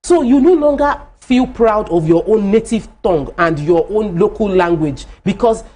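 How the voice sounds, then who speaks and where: A woman's voice: mid-range voice, lively intonation, moderate pace, dark tone. A Nigerian woman panelist on a TV talk show, arguing with passion and often restarting her phrases. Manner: impassioned, emphatic, restarts phrases. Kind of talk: studio discussion.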